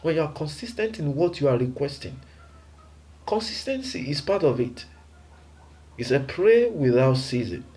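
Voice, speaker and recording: A man's voice: a little high, big pitch swings, normal speed, long pauses, mellow. A man preaching a sermon emphatically, with rhetorical questions and repeated phrases.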